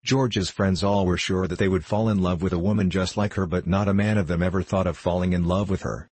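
A man reading a novel aloud as audiobook narration, in an even, unhurried storytelling manner. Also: deep voice, husky, no room sound. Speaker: audiobook reader. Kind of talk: scripted narration.

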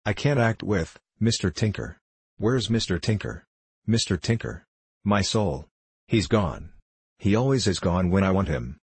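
A man's voice: low-pitched, very animated, measured pace, husky, dry recording, full character voice. A man voicing a pompous, temperamental star actor with icy, theatrical outbursts, in an audiobook reading. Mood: exasperated. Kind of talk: audiobook character voice.

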